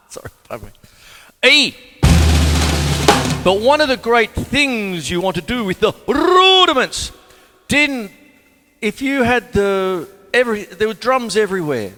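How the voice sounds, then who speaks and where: A man's voice: high voice, very animated, measured pace, pauses often, pushed and bright. A man hosting a casual drum lesson, who talks in a rambling, chatty, self-deprecating way. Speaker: drum teacher and show host. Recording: long hall reverb, faint drums.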